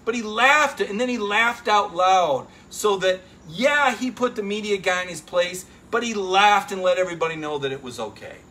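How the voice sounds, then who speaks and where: Man, middle-aged, sports talk host, casual commentary, emphatic, forceful bright tone. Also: sits high, normal speed, hardly any pauses, slight background noise. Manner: animated, emphatic, with frequent "right?" asides to listeners. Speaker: sports reporter and show host.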